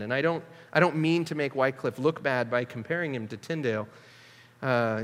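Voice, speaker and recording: A man's voice: mid-range voice, fairly bright tone. A man preaching a sermon in a conversational, emphatic way, asking his listeners questions. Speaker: pastor. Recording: long hall reverb.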